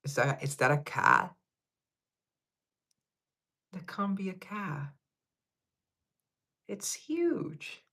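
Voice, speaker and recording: Man livestream host, slow unhurried talk, gravelly fry, laid-back rambling chat. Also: a little high, huge pitch swings, bright, forceful tone. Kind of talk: casual live chat reading comments.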